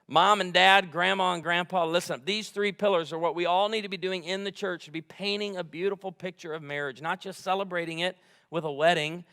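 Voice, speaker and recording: Fired-up preacher man, bright and echoing. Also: high voice, clean tone. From United States. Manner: animated, fired-up storytelling with humor. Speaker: pastor. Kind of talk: sermon. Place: large church sanctuary. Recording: long hall reverb.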